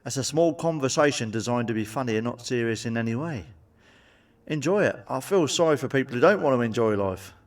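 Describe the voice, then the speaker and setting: A man's voice: mid-range voice, animated, fairly quick, distant mic. A man telling blunt, sweary stand-up jokes and tagging them with cheeky questions. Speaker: stand-up comedian. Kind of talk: stand-up joke monologue.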